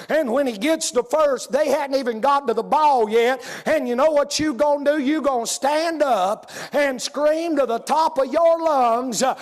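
A man's voice: extremely high pitch, long reverb tail. A man preaching a sermon, telling folksy stories that rise into hollering. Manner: folksy storytelling, rising to hollering.

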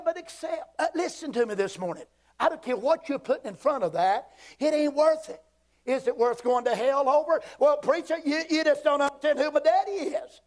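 A Southern man in his fifties preaching a fiery, folksy church sermon, swinging between shouts and hushed asides. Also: sits high. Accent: Southern American. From Southern United States. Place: church sanctuary.

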